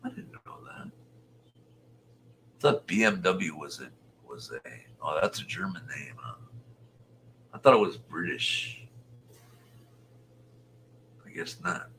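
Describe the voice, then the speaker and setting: A man in his sixties from Utah, a show host chatting casually with viewers, rambling and muttering soft half-whispered asides. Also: deep voice, expressive, takes it slowly, pauses often, a little hiss or hum. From Utah, USA. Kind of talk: casual livestream chat.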